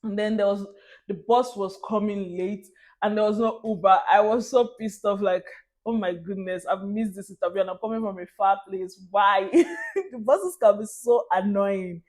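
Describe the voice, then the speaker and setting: A young Nigerian woman with a Nigerian accent talks straight to her camera in a casual storytelling monologue. She is animated and laughs often. Now and then she slips into Nigerian Pidgin. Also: mid-range voice, moderate pace. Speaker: vlogger.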